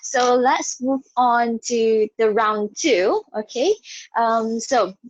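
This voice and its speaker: Breathy woman moderating over dull video call. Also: fairly high pitch, slow, no echo. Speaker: forum moderator. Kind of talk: moderating an online panel.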